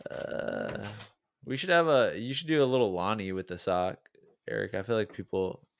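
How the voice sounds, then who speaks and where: A man's voice: fairly low pitch, very animated, unhurried, vocal fry, no room sound. A man co-hosting a podcast in casual banter, rambling and giggling as he teases, over a remote call. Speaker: podcast co-host. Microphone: remote call mic.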